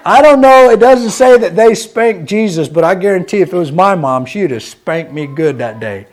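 A man preaching a sermon in a folksy storytelling way, swinging between loud and hushed. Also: sits high, animated, normal speed.

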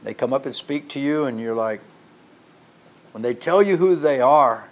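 A man preaching a sermon who reads scripture and swings from loud emphasis to hushed tones, using repeated rhetorical questions. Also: mid-range voice, animated, moderate pace, pauses often.

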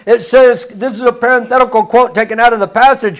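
A man's voice: extremely high pitch, steady tone, brisk, hardly any pauses, fairly bright tone. A man preaching a sermon in an earnest, conversational way, stumbling and restarting now and then.

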